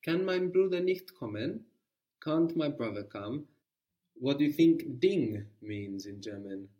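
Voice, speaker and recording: A man teaching a guided language lesson, patiently prompting and repeating answers slowly. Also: a little high, expressive, dark tone, distant mic, dull audio.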